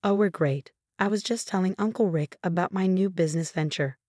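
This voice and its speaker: Brief: smug, bragging young guy, read by a woman, low and dry. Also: brisk, darkish tone, no room sound, lightly acted. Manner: boastful. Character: smug young man, boastful nephew.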